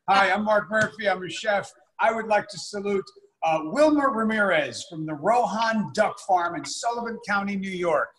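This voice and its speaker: High, upbeat man chef. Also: animated, normal speed, fairly bright tone. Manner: upbeat, effusive. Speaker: chef, guest. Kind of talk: casual video-call talk. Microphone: video call.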